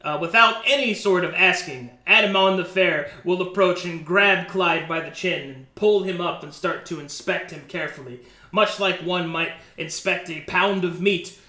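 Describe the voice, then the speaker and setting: A man's voice: sits high, moderate pace, few pauses, pushed and bright, reverberant. A man narrating as game master for a tabletop game in a casual, chuckling way.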